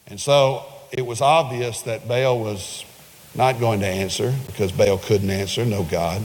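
A man preaching a sermon, telling a Bible story with lively, dramatic delivery. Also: unhurried. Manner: animated storytelling, jumps high when acting out scenes. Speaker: pastor. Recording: reverberant hall.

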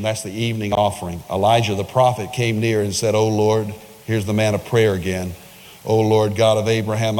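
A man preaching a sermon, telling a Bible story with lively, dramatic delivery. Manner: animated storytelling, jumps high when acting out scenes. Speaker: pastor. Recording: reverberant hall.

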